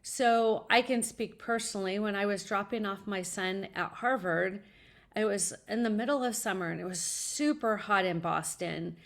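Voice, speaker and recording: A woman's voice: mid-range voice, normal speed. A middle-aged woman, a college advisor, answering an interview question with earnest, upbeat personal stories.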